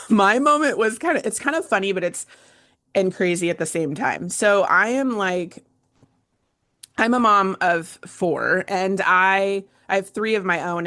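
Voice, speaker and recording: A woman host and coach in casual panel chat, telling a story with animated asides and laughs. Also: fairly low pitch.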